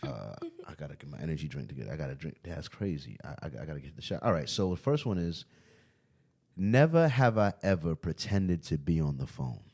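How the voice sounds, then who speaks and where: A man hosting a casual podcast and explaining a drinking game, relaxed, laughing often and often asking "you know what I mean". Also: very deep voice, brisk, breathy edge. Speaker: podcast host.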